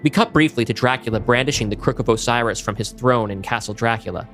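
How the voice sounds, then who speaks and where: A man's voice: mid-range voice, fast, fairly bright tone, faint music behind. A man co-hosting a podcast, narrating a monster script at a table read in a vivid storytelling manner. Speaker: podcast co-host.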